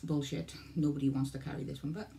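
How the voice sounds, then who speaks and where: Rambling gravelly-voiced Welsh woman vlogger. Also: deep voice, level tone, fast talker, mellow, slight background noise. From Wales. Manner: rambling, repeats herself, loses her thread. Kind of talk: casual vlog talk to camera.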